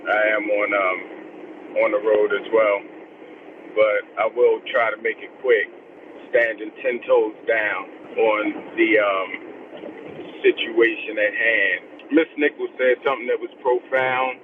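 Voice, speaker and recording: A male caller speaking earnestly from the road, pausing often with ums. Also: on the low side, steady tone, far from the mic. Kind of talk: calling in from the road. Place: in a vehicle on the road. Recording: tinny noisy phone line from a car.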